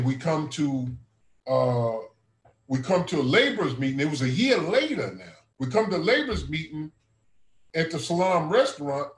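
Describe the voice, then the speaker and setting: Man with a high voice telling his testimony, earnest and chatty, keeps saying brother. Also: reverberant, rough recording. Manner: earnest, conversational, keeps addressing the listener as brother. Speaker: student regional minister. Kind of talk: testimony storytelling.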